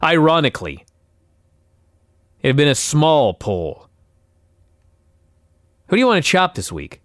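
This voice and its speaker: A man's voice: fairly high pitch, wildly swooping pitch, unhurried, fairly bright tone, no echo, clean studio sound. A man co-hosting a podcast, ranting and swearing in exasperated casual chat. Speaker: podcast co-host.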